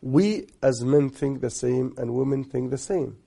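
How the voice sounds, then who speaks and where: A middle-aged man from Egypt, a guest sheikh giving relaxed, soft-spoken marriage advice full of stories and amused asides. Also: mid-range voice, measured pace, gravelly, slightly rough.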